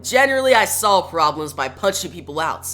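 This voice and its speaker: A reviewer reading out a calm, kind grown male hero from a comic, a little lower and softer than their own talk. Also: brisk, faint music behind. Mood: earnest.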